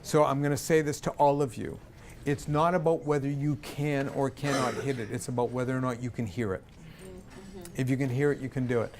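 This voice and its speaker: A man's voice: medium pitch, brisk, a crowd in the background. A man directing a choir, counting the singers in and singing short phrases to show them. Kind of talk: vocal coaching a group. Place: room with a singing group.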